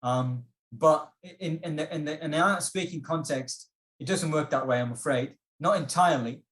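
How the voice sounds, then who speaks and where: A man presenting an exam-prep workshop, explaining tips in a relaxed way with frequent ums and restarts. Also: fairly high pitch, normal speed, echoey room. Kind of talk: online workshop talk.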